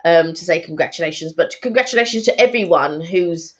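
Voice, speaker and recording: A woman's voice: lowish voice, brisk. A woman co-hosting a casual live stream, chatting in a rambling way with lots of fillers. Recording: dull lo-fi stream audio.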